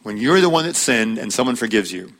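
A man preaching a sermon in a plain, conversational teaching voice, quoting scripture with slow, emphatic phrasing. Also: mid-range voice, big pitch swings, a bit bright.

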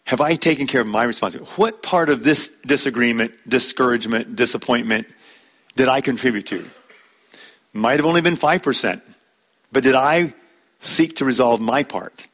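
Middle-aged man, mid-pitched, plain-spoken Bible study leader with a folksy, anecdotal delivery. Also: moderate pace, a bit bright. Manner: plain-spoken, calls on listeners by name to read verses; folksy, tells personal anecdotes with light laughs. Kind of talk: conversational Bible teaching.

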